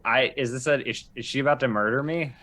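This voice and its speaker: A man's voice: mid-range voice, fast, pushed and bright. A man playing in a tabletop role-playing game, joking about his character and chuckling as he talks. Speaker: player.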